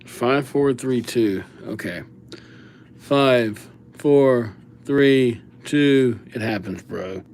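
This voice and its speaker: A man running a relaxed livestream, reading viewer names aloud as he writes. He talks slowly and unhurriedly in an ordinary mid-range voice, easygoing and chatty into a desk microphone. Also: mid-range voice. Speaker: livestream host. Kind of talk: casual livestream chat.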